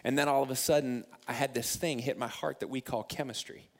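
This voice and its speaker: A man in his thirties, a pastor telling a personal story in a sermon, animated and self-mocking, acting out his own past lines. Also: mid-range voice, fairly quick.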